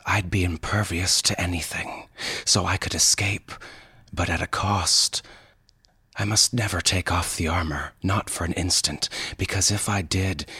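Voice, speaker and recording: A man reading a calm, wry armored man. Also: low-pitched, breathy edge, no room sound, exaggerated voice. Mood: earnest. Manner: calm, dry, measured. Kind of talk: audio fiction reading.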